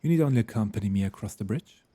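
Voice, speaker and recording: A man reading game dialogue aloud, voicing a gentle male god in mortal form with a French accent and formal, archaic, courteous speech. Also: fairly low pitch, animated, rapid-fire, dry recording. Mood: earnest.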